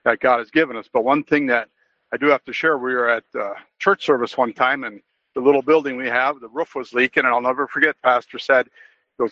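A man's voice: medium pitch, steady tone, fairly quick, bright, forceful tone, no room sound. Man telling a story over a dull line. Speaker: caller. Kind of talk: sharing a story on a call-in show.

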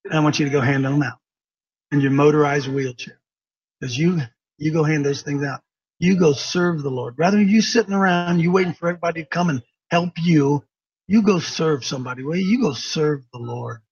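With a husky, slightly mellow voice on the high side, a radio talk show host talks fairly quickly through a casual story. He's earnest and preachy, repeating things for emphasis, and the recording sounds dull and lo-fi.

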